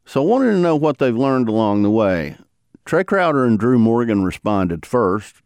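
A man's voice: mid-range voice, big pitch swings, moderate pace, darkish tone, dry recording. A man with a Southern US accent hosting a podcast, narrating and interviewing in an easygoing storytelling way. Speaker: podcast host.

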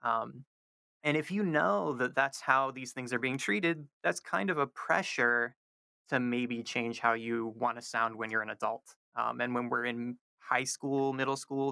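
Southern man, academic guest, thoughtful and halting, gravelly but bright tone, dry close mic. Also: medium pitch, dry recording. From American South, North Carolina. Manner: thoughtful, many fillers and restarts. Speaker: linguistics professor guest. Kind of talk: radio interview answers.

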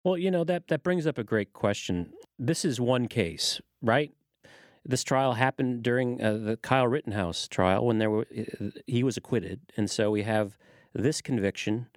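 A man's voice: medium pitch, moderate pace, no room sound, studio quality. A man hosting a news podcast, asking thoughtful open questions. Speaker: podcast host. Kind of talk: news podcast interview and outro.

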